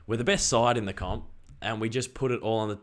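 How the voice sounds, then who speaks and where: A young Australian man chatting excitedly on a live stream and reading out viewer messages. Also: on the low side, quick pace. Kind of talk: casual live stream chat.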